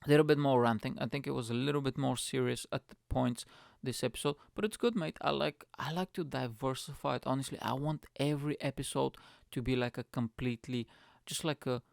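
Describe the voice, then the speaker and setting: A man hosting his own solo podcast, rambling and excitable, swearing freely as he rants to listeners. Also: mid-range voice, fairly quick, gravelly, no echo, clean studio sound. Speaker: podcast host.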